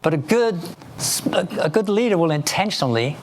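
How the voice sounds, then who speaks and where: An Englishman with an Oxford-area accent delivers a motivational keynote on stage. His pitch rises and falls in a lively way as he spins playful stories for the audience, with a faint hiss under the recording. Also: a little fast. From England. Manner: storytelling, playful, addressing the audience. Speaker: keynote speaker.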